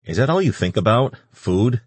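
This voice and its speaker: A man's voice: deep voice, big pitch swings, normal speed, husky, no room sound, full character voice. A man voicing a surly, foul-mouthed male demon king who curses and snaps irritably. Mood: fed up. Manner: crude, irritable and cursing.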